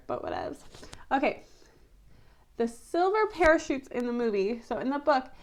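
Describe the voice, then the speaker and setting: A woman vlogger giving casual, animated commentary on a film adaptation, chatty and often exasperated, with lots of fillers. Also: fairly high pitch, creaky. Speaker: book-to-movie review vlogger.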